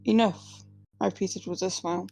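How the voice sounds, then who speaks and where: A woman's voice: medium pitch, steady tone, normal speed, creaky, warm tone, poor audio. A woman reading her own first-person fiction aloud at a live reading, with small slips and restarts. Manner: plain reading with slips and restarts, few distinct character voices.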